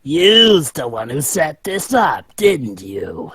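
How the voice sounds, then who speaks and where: Man doing a gravelly Brooklyn thug. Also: a little high, wildly swooping pitch, slow, pushed and bright, slight background noise, heavily acted. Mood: gruff. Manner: gruff, threatening, ungrammatical tough talk. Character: brash gravel-voiced male loan-shark thug. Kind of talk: fan voice acting over a game.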